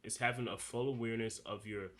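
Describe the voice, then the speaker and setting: A man's voice: fairly low pitch, steady tone, quick pace, a bit bright. A young man with a noticeable accent co-hosting a podcast, talking earnestly and loosely with lots of "like" and restarts. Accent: noticeable non-standard accent. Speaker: podcast co-host. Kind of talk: casual podcast discussion.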